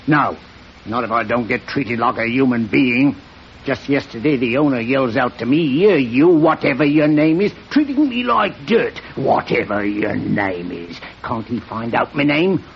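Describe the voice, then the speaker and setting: An actor playing a surly, resentful deckhand in a vintage radio drama, speaking sullenly and with menace. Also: male voice, medium pitch, animated, moderate pace, natural voice. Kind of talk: 1940s radio acting. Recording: muffled old radio broadcast with faint hiss.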